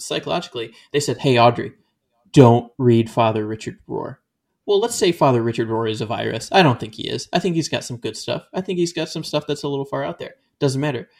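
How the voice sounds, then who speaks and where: A man's voice: mid-range voice, vocal fry. A man talking casually and animatedly about faith, rambling and acting out quoted voices as he goes.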